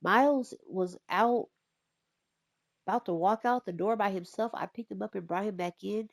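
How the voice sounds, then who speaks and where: A woman's voice: mid-range voice, moderate pace, creaky, no room sound, clean studio sound. A woman voicing a worried older grandmother who fusses, scolds and dotes on her grandchildren in a game story. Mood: scolding. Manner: exclaiming, scolding, doting.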